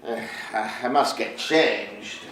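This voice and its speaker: An actor playing a wistful, lovestruck 52-year-old playwright in a one-man stage monologue, reminiscing with animated storytelling. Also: on the low side, takes it slowly. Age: 50s. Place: theater stage. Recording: roomy stage sound from a far camera with faint noise.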